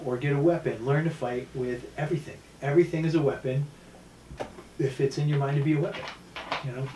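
A martial arts instructor tells stories in a casual way and acts out the people in them. He sits a bit back from the mic, so his voice carries an echo off the room walls. A faint hum of ambience sits underneath. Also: mid-range voice. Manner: animated storyteller acting out quotes. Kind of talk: casual storytelling interview. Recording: echoey room, mic at a distance.

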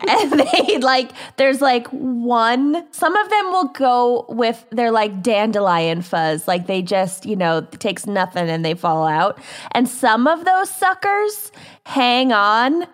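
A woman's voice: a little high, lively intonation. A woman co-hosting a casual chat podcast, giggling often and drawing out her words. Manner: giggly, drawn-out chatty delivery. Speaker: podcast co-host.

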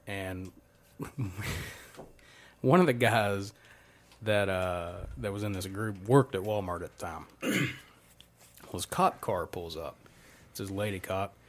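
A young man with a drawl spins a long anecdote for his friends. His voice sits slightly low. He swears casually and acts out every quoted exchange. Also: a bit bright. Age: young adult. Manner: profane, rambling anecdote with quoted dialogue. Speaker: podcast host. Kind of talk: casual storytelling among friends.

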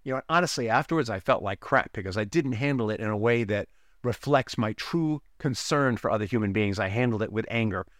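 A man talks through a podcast monologue as a relationship coach, with a middle-pitched voice. He keeps it conversational, telling his own stories and often tossing in a quick "right?" to the listener. The recording is dry and close, with no room sound. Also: fairly bright tone, dry recording.

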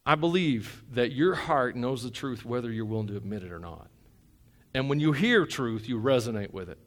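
A middle-aged man preaching a sermon, animated, swinging from shouting to hushed, quiet passages. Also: medium pitch, normal speed. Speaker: pastor.

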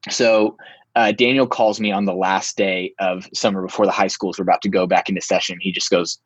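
A young man telling a story in a casual, animated way, full of "like" and restarts. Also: deep voice, a little fast, breathy edge, dry recording. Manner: animated, filler-heavy, lots of "like".

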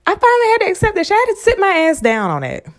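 A woman giving casual motivational talk, frank and animated with lots of profanity, sometimes dropping into a hushed whisper. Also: very high voice, racing. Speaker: vlogger and spiritual speaker.

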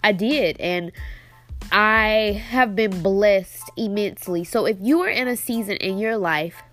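A woman's voice: medium pitch, unhurried, fairly bright tone, faint music behind. A young adult woman hosting a podcast, giving an emotional faith-based testimony in a teary, earnest voice with lots of "like". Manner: emotional, earnest, heavy use of "like". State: teary, sniffling. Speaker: podcast host.

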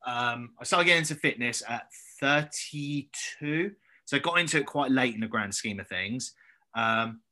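A man's voice: medium pitch, bright, forceful tone. A man, a personal trainer guesting on a podcast, sweary and hesitant with lots of ums. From England. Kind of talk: casual podcast chat.

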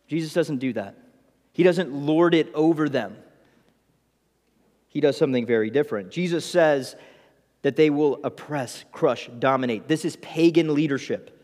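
A man delivering a sermon, mid-pitched and animated as he retells scenes and slips into voices for the people in them. His voice rings out with a long reverb from a large hall. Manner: lively storytelling preacher, voices the disciples. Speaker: pastor.

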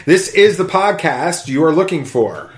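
A man's voice: fairly high pitch, big pitch swings, moderate pace, echoey room, slight background noise. A man hosting a casual podcast, reading listener reviews aloud with jokes and whoops. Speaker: podcast host.

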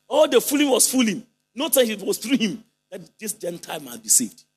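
Fiery high-voiced male preacher. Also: sing-song, moderate pace, slightly rough. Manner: fervent preaching, shouted and sung phrases, congregation call-and-response. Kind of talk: sermon.

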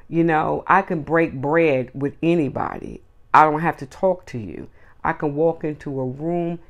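A woman hosts her own solo podcast and speaks her mind in a blunt, emphatic way. She hammers home her points by stringing repeated words one after another. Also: sits low. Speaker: podcast host. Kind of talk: solo opinion podcast monologue.

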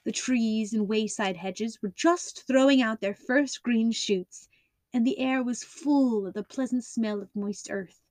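A woman reads a classic story aloud in an even, clear voice. Her pitch sits fairly high, and the recording is dry and close with no room sound. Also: a little slow, dry recording. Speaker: audiobook narrator. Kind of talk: scripted narration.

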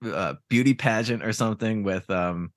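A man's voice: lowish voice, normal speed, no echo, studio quality. A man in casual podcast chat, ranting with profanity and sarcasm.

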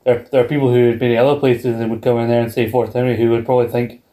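Wry Scottish man, warm voice. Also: mid-range voice, little pitch movement, very fast. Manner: wry, teasing interjections. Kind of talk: casual chat.

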